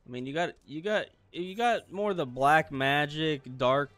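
A young man hosting a let's play, chatting casually and joking, then bursting into loud shouts. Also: fairly high pitch, lively intonation, normal speed. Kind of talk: casual gaming chat.

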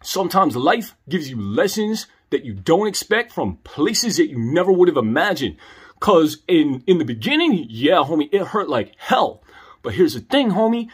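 A man's voice: fairly high pitch, sing-song, normal speed, slightly rough. A young man telling a comedic story in a laid-back, slangy way, calling the listener homie and dog.

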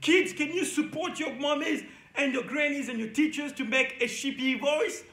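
A man's voice: extremely high pitch, moderate pace, pushed and bright, reverberant. A man teaching young children at church, playful and coaxing as he talks straight to the kids. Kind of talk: lively lesson for young kids.

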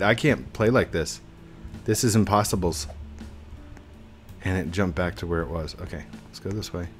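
A young man giving chatty, excitable live commentary while he plays a game, breaking into baby talk with his in-game dog. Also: low voice. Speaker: gaming streamer. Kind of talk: casual live gameplay commentary. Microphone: desk mic with webcam.

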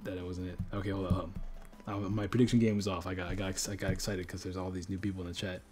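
A man's voice: sits low, little pitch movement, fast talker, a little mellow, soft background music. A young man hosting a livestream, chatting casually with viewers and hyping them up with repeated chants and slang while opening card packs. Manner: hype-building, slangy, repeats chants, talks to chat. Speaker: livestream host.

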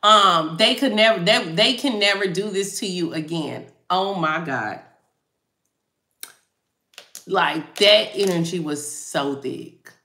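A woman chats with her live-stream viewers as a tarot reader. She talks slowly and loosely, laughing easily, and her voice has a bright, forceful edge. The sound is roomy and echoey. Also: fairly low pitch. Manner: chatty, laughs easily, reads out viewer comments.

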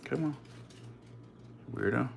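A man's voice: medium pitch, slow pace, creaky, a little hiss or hum. A man casually chatting to his live-stream viewers and his snakes while feeding them, in slangy, swearing talk. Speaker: reptile keeper streaming live. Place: indoors by snake enclosures.

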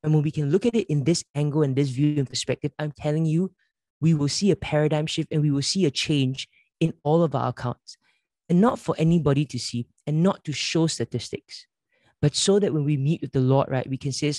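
A man's voice: on the high side, a little fast, darkish tone, no echo, clean studio sound. A man leading a church conference workshop, telling stories in an earnest way and acting out the dialogue. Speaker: church leader giving a workshop. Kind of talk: conference workshop talk with storytelling.

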